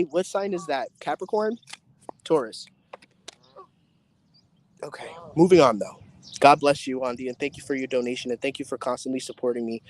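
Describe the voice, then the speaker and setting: A man hosting a casual live-stream psychic reading outdoors in the sun, excitable and chatty, swearing casually and talking straight to his viewers. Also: medium pitch.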